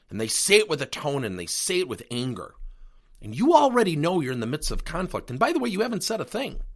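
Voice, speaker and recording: A middle-aged man hosting a coaching podcast, telling stories and acting out conversations as he goes. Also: mid-range voice. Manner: animated storytelling with acted-out dialogue. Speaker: podcast host and workplace coach. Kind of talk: solo podcast monologue.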